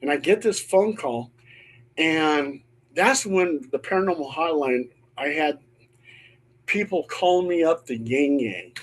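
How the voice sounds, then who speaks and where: A man's voice: on the high side, lively intonation, slow, slightly rough. A middle-aged man, a paranormal investigator, telling a ghost story on a panel show and acting out the voices he quotes.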